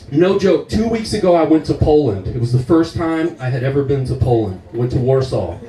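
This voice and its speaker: A man performing stand-up comedy with profane, animated storytelling. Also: mid-range voice, reverberant, far from the mic, slight background noise, low-quality recording. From United States.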